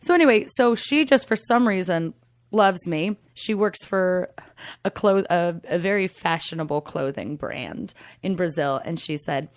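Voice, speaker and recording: A young adult woman, a comedian, telling a story in a casual interview, animated and swearing, acting out the voices of the people in it. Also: fairly low pitch, measured pace, no echo, studio quality. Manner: animated, swearing, acts out voices in her stories. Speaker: comedian and singing waiter.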